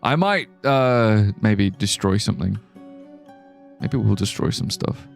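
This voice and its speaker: A man's voice: lowish voice, lively intonation, slow, gravelly, faint music behind. A young man streaming a game live, chatting loosely, swearing casually and laughing at his own ideas. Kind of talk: live gameplay commentary.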